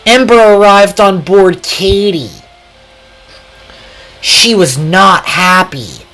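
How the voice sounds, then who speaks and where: A woman telling a toy train story in an improvised way, with a slow, sing-song delivery. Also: mid-range voice, expressive, a bit bright, soft background music.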